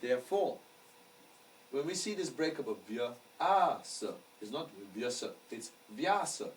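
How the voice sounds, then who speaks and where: In his astrology lecture, this man speaks at medium pitch, animated yet unhurried. He explains things patiently and keeps checking comprehension, recorded from a distance with slight background noise.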